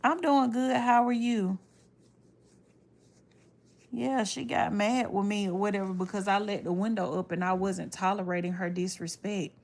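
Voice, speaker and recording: A woman, casually telling viewers a story in a blunt, animated way and swearing freely. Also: mid-range voice, normal speed. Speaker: livestreamer talking to viewers.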